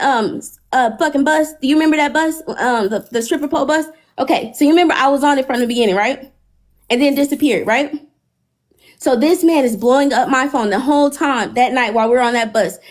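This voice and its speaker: High-pitched woman telling a story. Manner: animated, profane, retells dialogue. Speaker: live stream host. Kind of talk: casual storytelling chat.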